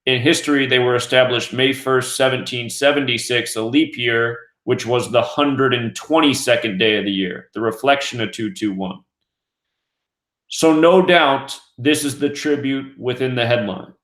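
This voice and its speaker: A man from the United States hosting a news commentary show, giving an earnest, steady, scripted monologue. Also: medium pitch, normal speed. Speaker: host of a conspiracy news channel. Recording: roomy echo.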